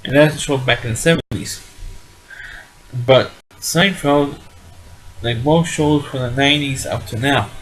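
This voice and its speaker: A man at an ordinary middle pitch rambles through a casual review of a sitcom. He is blunt and dismissive, repeats himself and keeps restarting his sentences as he goes. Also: measured pace, pauses often, fairly bright tone, rough recording. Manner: rambling, repetitive, restarts often.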